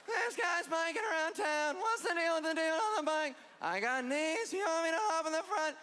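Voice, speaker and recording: A woman's voice: very high-pitched, lively intonation, normal speed, fairly bright tone, a little hiss or hum, voice pushed up. A woman doing a whiny observational comic guy. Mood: incredulous. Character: a male comic in a famous sitcom-style bit, whiny and quizzical. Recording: echoey hall with crowd.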